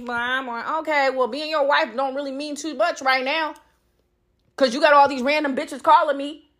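A young woman with a bright, fairly high voice tells a cheating story on her podcast. She talks bluntly and heatedly, with plenty of profanity. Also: steady tone, unhurried. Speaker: podcast host. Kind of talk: storytime rant.

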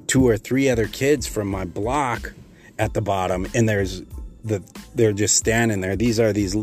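A man from Texas telling a rambling childhood story, casual and profane, full of fillers and restarts. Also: fairly low pitch.

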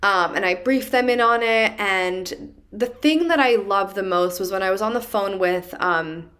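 A young woman hosts her own podcast and chats through a personal story. She talks in an animated, easygoing way, with lots of "like" along the way, and her pitch sits in an ordinary middle range. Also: a little slow. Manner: chatty and animated, heavy use of "like". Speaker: podcast host.

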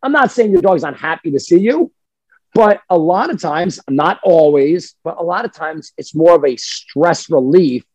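A man's voice: on the high side, moderate pace, dry recording. A man who trains dogs, talking in a casual, emphatic way on a podcast and sometimes acting out what a dog thinks. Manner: emphatic, animated, acts out dog voices.

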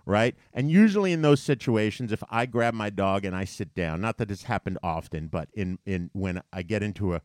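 A man telling a story in a casual chat, animated and profane, getting heated as he goes. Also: on the low side, fairly quick, hardly any pauses, no room sound, studio quality. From New York.

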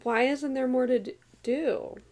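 A woman co-hosting a podcast, chatting casually about a sitcom episode with drawn-out reactions. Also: high-pitched, steady tone, darkish tone. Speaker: podcast co-host.

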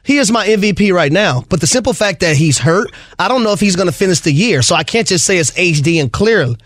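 High-voiced, playful co-host. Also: male voice, expressive, quick pace, a bit bright, dry recording, clean studio sound. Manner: laughing, playful, emphatic opinions. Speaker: sports radio co-host. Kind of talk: sports talk show banter.

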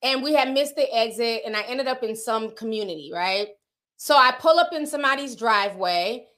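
A middle-aged woman from the northern US hosts a livestream, chatting casually, telling stories and reading viewer comments aloud. Her voice is a little high and moves at a normal speed. She tells stories chattily and gives quoted voices plenty of animation.

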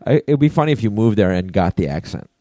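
Very deep, dark-toned man on a podcast. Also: very animated, no room sound. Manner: chatty, quick to laugh along. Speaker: podcast co-host. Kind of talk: casual comedy podcast chat. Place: hotel room.

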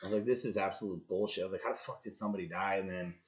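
A man in his thirties telling a war story in an interview, blunt and profane, going from loud outbursts to low mutters. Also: steady tone, rapid-fire. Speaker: podcast guest, former Marine.

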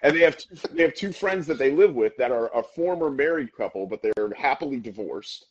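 A man in his thirties, co-hosting a casual podcast, telling an animated story with playful voices for the characters. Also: mid-range voice, brisk, slightly rough, muffled recording. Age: 30s. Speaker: podcast co-host. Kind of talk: casual chat.

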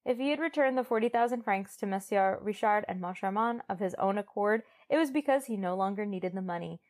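Reading from a novel on a podcast she co-hosts, this woman uses a mid-range, slightly mellow voice and keeps stopping for jokes and laughter. The talk is casual, with pauses on filler words.

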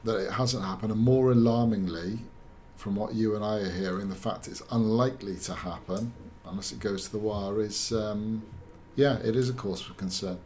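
Male pundit, low, measured, faint hiss. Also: steady tone, darkish tone. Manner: measured, searching for words. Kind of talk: casual discussion.

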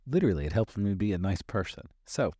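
A deep, mellow voice with a breathy edge and a sing-song lilt moves at a quick pace as a man in his fifties hosts a motivational podcast. This life coach talks candidly and emphatically, swearing casually and repeating phrases for stress, with no room sound in the recording.

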